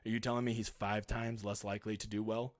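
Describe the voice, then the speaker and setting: A man's voice: lowish voice, flat delivery, fast talker, no echo, clean studio sound. A man hosting a casual live stream, reading viewer comments aloud and answering them in a chatty, blunt, emphatic way.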